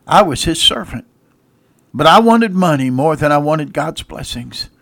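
A man's voice: a little high, lively intonation, unhurried, a bit bright, no room sound, clean studio sound, pitched above the performer's own voice. A man voicing a regretful aging servant who has leprosy, confessing and lamenting his choices in a dramatized sermon scene. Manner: lamenting confession, pleading wishes. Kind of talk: dramatized biblical character voice in a sermon.

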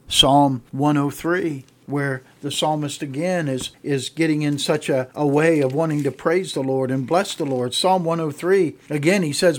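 A man's voice: fairly high pitch, moderate pace, hardly any pauses, no echo. A male pastor preaching a radio sermon, reading old-style scripture and rising to emphatic exclamations.

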